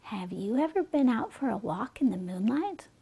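A woman voicing a sly, cunning male fox in a children's storybook fable, talking in a persuasive, sometimes hushed way. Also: on the high side, very animated, normal speed, gravelly, slightly rough, heavily acted. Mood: coaxing.

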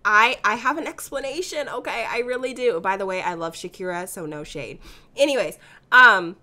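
Hoarse, bubbly young woman gaming host. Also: medium pitch, lively intonation, normal speed, sharp tone. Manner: bubbly, chatty, gushing. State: hoarse from a sore throat. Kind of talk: casual let's play commentary.

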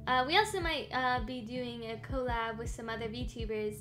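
Woman streamer, high bright voice, chatty and halting, faint music under her. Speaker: co-host streamer. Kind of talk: casual live-stream chat.

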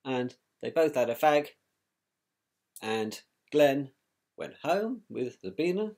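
Man, mid-pitched, lively swooping delivery, blunt colloquial storyteller. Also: takes it slowly. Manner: animated, scornful, colloquial. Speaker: victim's brother recounting events. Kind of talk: personal storytelling.

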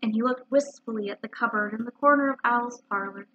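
A woman librarian reading a children's storybook aloud in an expressive, animated way, on a dull lo-fi recording. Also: fairly high pitch, brisk, few pauses.

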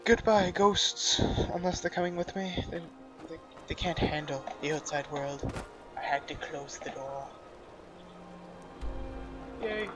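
A young man with a slightly high voice, cursing and joking his way through a video game. His running commentary is sarcastic and offhand, with game music playing under it. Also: measured pace, long pauses. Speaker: gamer. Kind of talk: let's play commentary.

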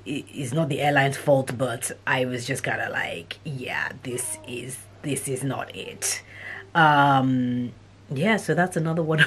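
A woman with an unusually deep, low voice tells a storytime vlog to her viewers. She talks casually, with frequent ums and easy laughter as she looks back on a scary experience. A faint hiss sits under the recording. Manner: chatty, laughing at a scary memory, many ums. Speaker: vlogger.

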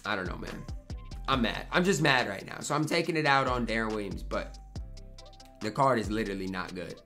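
A man's voice: lowish voice, animated, fairly quick, bright, forceful tone, soft background music. A young man commentating his own basketball video game match, ranting in frustration and talking to himself between plays. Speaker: gaming YouTuber. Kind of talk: live gameplay commentary.

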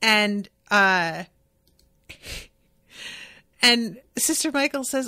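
A woman podcast host chats casually and eagerly through an episode recap, swearing freely and answering comments from her listeners. Her voice sits at an ordinary middle pitch. It is recorded close on the mic in a dry, dead-sounding space. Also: a little slow, fairly bright tone, no room sound. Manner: enthusiastic, swears freely, reads out chat comments.

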